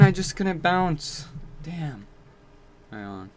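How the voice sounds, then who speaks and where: A man giving casual gameplay commentary, rambling and frustrated, muttering low and then yelling out. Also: unhurried. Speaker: gamer playing and commenting.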